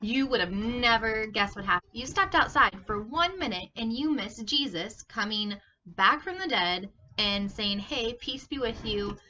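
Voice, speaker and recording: A woman voicing an excited group of male disciples in a children's Bible story, telling their news eagerly. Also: a little high, unhurried, few pauses, highs cut off, a little hiss or hum.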